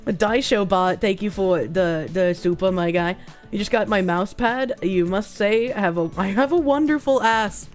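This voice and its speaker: A woman with a hoarse, sick-sounding voice, chatting casually on a live stream as she reads donations, rambling and swearing freely. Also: medium pitch, moderate pace, faint music behind. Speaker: streamer reading chat and donations.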